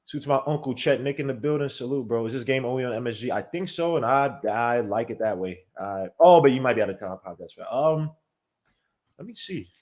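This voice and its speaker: A man hosting a live basketball watch-along podcast, chatting casually and animatedly, shouting out viewers by name. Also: medium pitch, lively intonation, fast talker. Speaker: podcast host.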